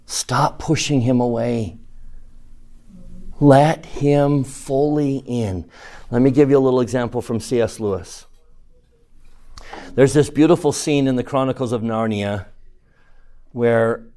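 A man preaching a sermon in an earnest way. He shifts between soft and loud and slows down for emphasis. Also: medium pitch.

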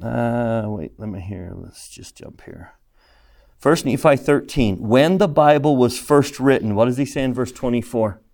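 A man's voice: mid-range voice, a little slow, gravelly, darkish tone. A man teaching a scripture class, who keeps asking his students questions and repeats key phrases for emphasis. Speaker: religion teacher.

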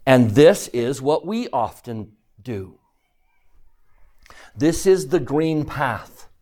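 A middle-aged man teaching a scripture lesson in a classroom, animated and emphatic, putting questions to his class. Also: mid-range voice.

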